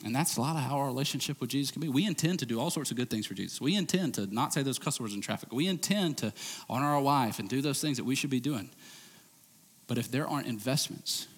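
A man's voice: mid-range voice, fast talker, slightly rough. Man preaching with hall reverb. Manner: impassioned preaching, swinging from loud emphasis to quiet intensity. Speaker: pastor. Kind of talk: sermon. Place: church sanctuary. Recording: long hall reverb from a church sanctuary.

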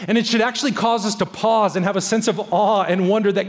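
Brief: male pastor, high voice, emphatic preaching that repeats lines, long hall echo. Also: steady tone, fast talker. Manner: emphatic, repeats key phrases. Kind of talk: sermon.

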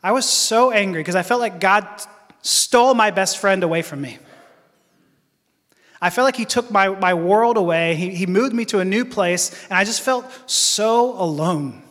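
A man telling an earnest personal story in a sermon, often pausing and restarting his sentences. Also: high-pitched, fairly bright tone, big-room sound. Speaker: preacher.

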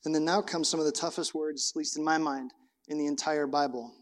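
A man's voice: a little high, fairly even intonation, a little fast. A middle-aged male pastor preaching a sermon, reading scripture aloud and asking rhetorical questions.

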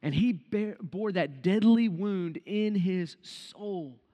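Earnest preacher guy, high voice, drags out the big words, long echo trailing after. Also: warm tone. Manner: earnest, slows down to stress key phrases. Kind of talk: devotional sermon on a psalm. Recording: long reverb tail.

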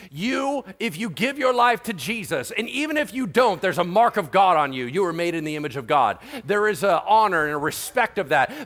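A young man preaching a sermon, telling the story in an animated way with voices and laughter. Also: sits high. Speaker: pastor.

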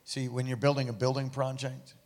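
A pastor preaching and telling a story to his congregation during an offering, animated and breaking into loud exclamations. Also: medium pitch, a little fast. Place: large church sanctuary. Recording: echoey church hall with music. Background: instrumental music.

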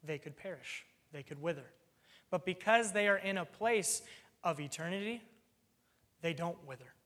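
Guy preaching a sermon, fairly high voice, earnest, explains stuff with simple examples, long reverb. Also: lively intonation, normal speed, a bit bright.

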